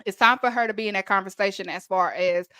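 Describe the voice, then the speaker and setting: A woman's voice: medium pitch, fast talker, bright, forceful tone, smooth, no echo. A woman from Texas with a Texan accent, hosting a casual wrestling recap podcast and chatting emphatically to listeners.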